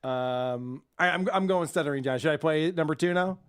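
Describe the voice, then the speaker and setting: A man hosts a relaxed podcast game night and laughs easily. He keeps a casual, easygoing tone. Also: on the high side, moderate pace, smooth. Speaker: podcast host.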